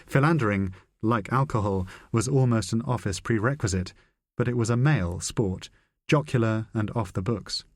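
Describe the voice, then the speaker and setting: A man narrates a spy novel in a measured, even reading. His voice sits low, and the recording is dry and close. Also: dry recording. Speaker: audiobook narrator. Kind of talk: scripted narration.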